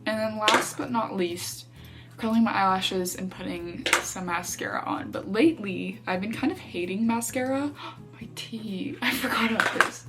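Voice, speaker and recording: A young woman vlogger chats casually to camera while getting ready, in a medium-pitched voice at normal speed with loud music behind her. It's a giggly, rambling get-ready-with-me chat full of filler words.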